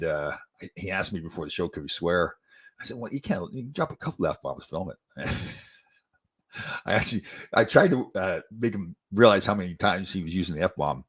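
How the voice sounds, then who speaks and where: An older man, once a hockey player and now a host, tells stories in a loose, rambling way, restarting his sentences and chuckling. His voice sits low and a little husky, and the words tumble out quickly. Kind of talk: casual storytelling chat.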